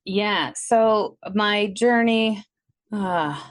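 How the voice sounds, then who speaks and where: A woman from Milwaukee with a Wisconsin accent, a guest in a casual interview, telling her story with animation and acting out her past thoughts in a higher voice. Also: very slow, dry recording. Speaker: guest, energy healer.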